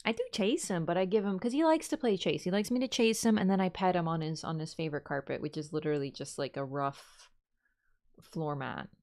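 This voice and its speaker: A woman streamer chatting casually to her viewers and cooing to her cat in soft, doting baby talk. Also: lowish voice, brisk. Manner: coos and baby-talks to her cat, drifting between soft and bright. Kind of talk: casual livestream chat.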